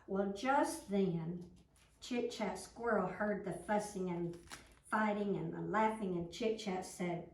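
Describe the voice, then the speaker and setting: An older woman telling a children's story in a slow, gentle, animated manner, recorded in a roomy space from a distance. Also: medium pitch, slight background noise. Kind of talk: bedtime-style story reading.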